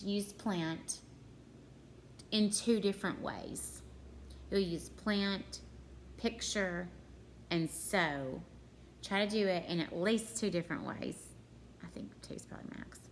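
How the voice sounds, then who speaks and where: Slow, chatty woman teaching. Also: medium pitch, slight background noise. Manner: chatty, talks straight to her students. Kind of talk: home grammar lesson.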